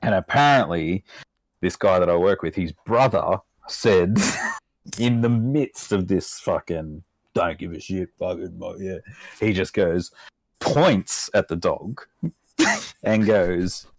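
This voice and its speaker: A man's voice: low voice, expressive, slow, no echo. An Australian man telling a rambling story on a podcast, swearing constantly and laughing as he goes. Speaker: podcast co-host. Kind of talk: casual storytelling chat. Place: podcast recording room.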